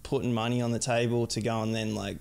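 A man's voice: medium pitch, level tone, quick pace, vocal fry, darkish tone, smooth. A young adult man chatting casually as a podcast guest, rambling and filling his sentences with "like". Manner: rambling, heavy use of "like". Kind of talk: casual chat.

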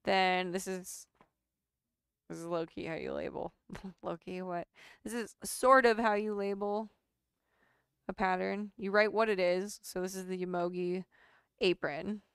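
A woman's voice: medium pitch, steady tone, a little slow, creaky, long pauses, smooth, no echo, clean studio sound. A woman chatting casually at home as she works on a sewing pattern and coos baby talk to her cat. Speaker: sewing vlogger. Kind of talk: casual chat while sewing.

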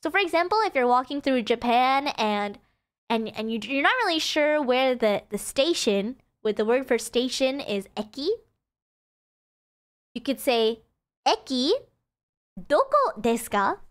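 High-voiced chatty woman teaching casually. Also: animated, unhurried. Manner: chatty and giggly, frequent fillers. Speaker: streamer teaching Japanese. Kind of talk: casual livestream lesson.

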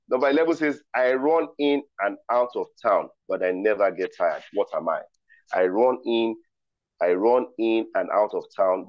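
A man's voice: fairly low pitch, no echo. A man hosting a virtual ceremony, running a riddle quiz in a playful, teasing way and reading out chat replies. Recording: dry, dull lo-fi call audio.

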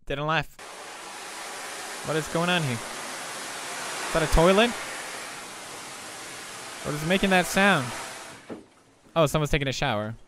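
A young man hosting a reaction video, mock-serious and profane, with sudden exaggerated shouts. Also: fairly high pitch, lively intonation, moderate pace, pauses often, noisy background. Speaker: video host. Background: music.

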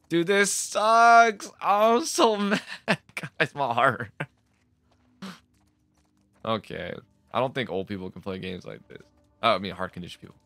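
A man commentating his own gameplay, easily startled and loudly frustrated. His voice is bright and forceful, recorded close and dry on a desk microphone. He swears and laughs his way through tense moments. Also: medium pitch, no echo. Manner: jumpy, exasperated, swearing and laughing. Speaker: let's play gamer.

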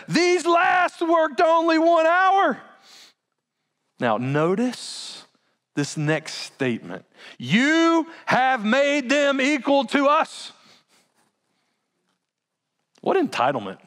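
A male pastor preaching a sermon in an animated, conversational way with laughing asides. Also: high-pitched.

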